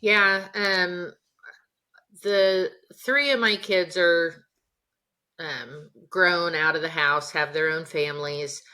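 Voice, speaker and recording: Slow-spoken low-voiced woman guest. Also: steady tone, bright, forceful tone. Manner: hesitant, reflective. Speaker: guest author. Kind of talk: interview.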